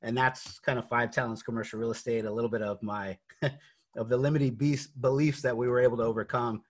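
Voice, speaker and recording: A man's voice: mid-range voice, steady tone, a little fast. A man speaking as an interview guest, earnest and faith-driven, telling his story with many fillers and restarts. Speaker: guest, real estate investor.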